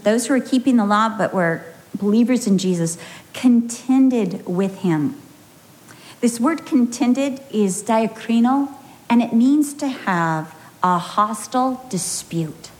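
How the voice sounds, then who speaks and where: Woman preaching, lively storytelling, slightly high voice, animated. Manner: animated, storytelling with acted quotes. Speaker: Bible teacher. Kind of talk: sermon.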